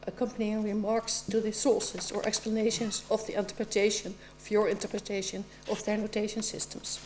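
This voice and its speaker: Measured woman examining a doctoral candidate. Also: a little high, darkish tone, a little hiss or hum. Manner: measured and precise, with occasional ums. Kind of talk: formal academic questioning.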